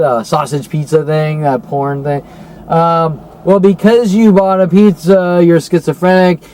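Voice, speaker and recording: A man's voice: a little high, a little mellow, rough recording. Agitated man ranting in a monologue. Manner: agitated, profane, rhetorical questions. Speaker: vlogger. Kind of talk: rambling monologue.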